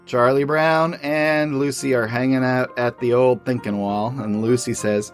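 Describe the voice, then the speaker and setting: A man's voice: mid-range voice, fairly even intonation, moderate pace, few pauses. A man with a mid-range voice co-hosts a casual podcast. He teases with dry wit and reads comic strips aloud. Faint music sits behind him. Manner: wry, teasing humor. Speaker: podcast co-host.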